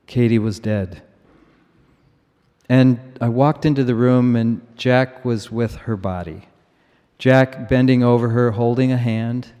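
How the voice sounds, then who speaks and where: A middle-aged male preacher delivers his sermon at an unhurried, deliberate pace, leaning on repeated words. His voice sits at an ordinary pitch. It rings out with the long reverb of a large church. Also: a little mellow, clean tone. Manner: slow, measured, emphatic repetition.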